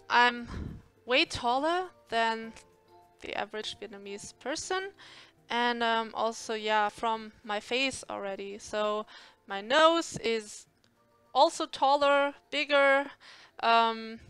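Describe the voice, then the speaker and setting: Bright, slow-talking woman streamer. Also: fairly high pitch, clean tone, soft background music. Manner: relaxed, unhurried, answers viewer questions. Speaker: cooking streamer. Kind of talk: casual chat answering viewers. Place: home streaming setup lit by soft boxes and a ring light.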